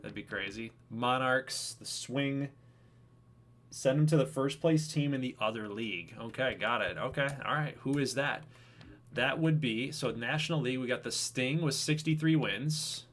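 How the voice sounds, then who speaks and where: A man's voice: mid-range voice, moderate pace, a bit bright. A man casually hosting a baseball video game franchise livestream, chatting with viewers by name. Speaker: host of a franchise stream.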